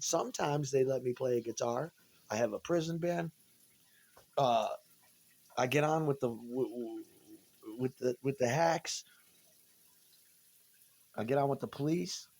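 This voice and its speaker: A man's voice: mid-range voice, darkish tone. Agitated man ranting at home. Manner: agitated, profane, repeats and restarts words. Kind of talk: rambling personal monologue. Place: at home, indoors.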